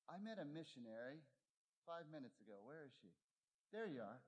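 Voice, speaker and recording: A male preacher giving a sermon, emphatic and animated, with lively swings in emphasis. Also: fairly high pitch, a little fast.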